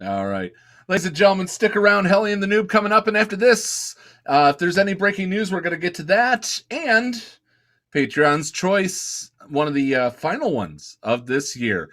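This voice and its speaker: A man hosts a podcast and fires off chatty questions, often restarting his words. His voice sits slightly high. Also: lively intonation, normal speed, a bit bright. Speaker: podcast host. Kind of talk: casual interview chat.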